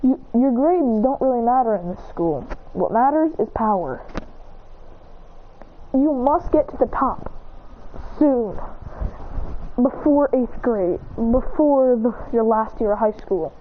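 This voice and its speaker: A woman's voice: a little high, lively intonation, slow pace, long pauses, slight background noise. A woman casually improvising a story, rambling along and often correcting herself. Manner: rambling, with frequent self-corrections. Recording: tinny phone-like sound.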